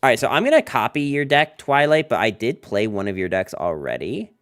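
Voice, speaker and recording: Lively, rambling male game streamer. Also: medium pitch, fairly quick. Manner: rambling, filler-heavy, jokey asides to chat. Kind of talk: casual livestream chat while playing a card game.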